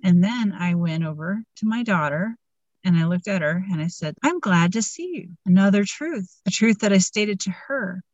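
A woman in her fifties sharing a personal story in a casual testimony, earnest and animated. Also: medium pitch, normal speed, no room sound, muffled recording. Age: 50s. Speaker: group member sharing a story.

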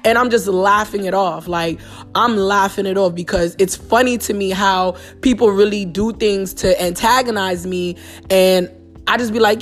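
A woman's voice: mid-range voice, moderate pace, soft background music. A young woman with a New York accent hosting a podcast, bluntly retelling a personal story in a casual, profane monologue full of slang. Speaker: podcast host.

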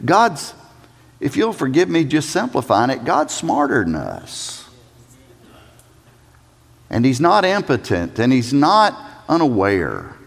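A male pastor preaching with a lively, wide-ranging pitch, dropping to a hush and then rising to near shouts. His voice rings out with a long reverb, as in a church sanctuary. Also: slow, vocal fry, pauses often. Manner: dramatic, swings from loud to hushed. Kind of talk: sermon.

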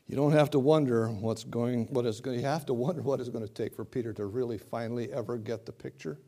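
A man preaching a sermon, dramatic and swinging from loud to hushed, often repeating words. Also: medium pitch, fairly even intonation, fast talker.

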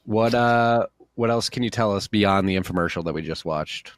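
A man's voice: lowish voice, normal speed, clear, resonant tone, no echo, clean studio sound. A man hosting a podcast in casual chat, joking with guests and a bit tired after a workout. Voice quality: relaxed, jokey, calls listeners freaks. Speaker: podcast host.

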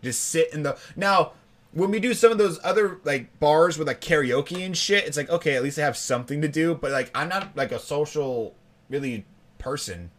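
A man's voice: fairly high pitch, normal speed, fairly bright tone. A young man co-hosting a podcast, chatting casually and rambling, often quoting people in put-on voices. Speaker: podcast co-host. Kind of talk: casual chat.

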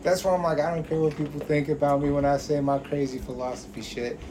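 A man's voice: on the high side, fast talker. Profane, riffing man on a noisy recording. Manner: profane, animated storytelling, riffing. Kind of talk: casual chat.

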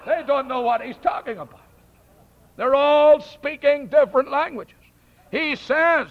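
A man preaching an impassioned sermon, mocking his opponents and bursting into shouts. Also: very high voice, measured pace. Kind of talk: fiery sermon. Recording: dull lo-fi old recording.

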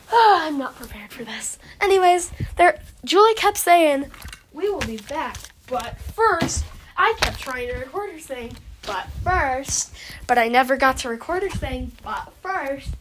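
Gushing high-voiced woman rambling a recap. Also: background noise. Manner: gushing, rambling, self-correcting. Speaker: fan recapping a reality show. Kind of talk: excited casual vlog recap.

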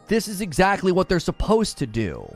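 A fairly high-voiced male streamer delivers heated gaming commentary. His pitch swings widely as he argues, turning sarcastic and mocking. Soft music plays faintly behind him. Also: moderate pace. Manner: animated, sarcastic, mocks viewers in put-on voices.

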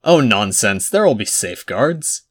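A man's voice: lowish voice, very animated, unhurried. A man reading aloud and voicing a smug, insistent lord politician.

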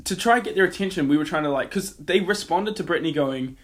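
A young man spins a spooky story on a casual podcast, with a voice pitched a little high. He rambles, restarts and swears often, acting out the voices of everyone he quotes. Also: quick pace. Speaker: podcast co-host telling a story.

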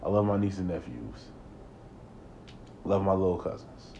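A young man hosting a solo podcast, talking into a close mic in a rambling way, repeating words and working himself up into animated rants. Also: sits low, normal speed, creaky, muffled recording, a little hiss or hum. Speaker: podcast host.

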